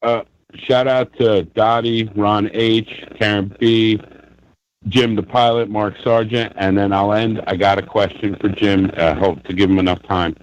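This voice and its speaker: A man's voice: lowish voice, fairly even intonation, unhurried, lo-fi sound. A man calling into a live show, ranting angrily with lots of swearing and bursts of laughter. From New York, US. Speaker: caller. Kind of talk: casual call-in chat.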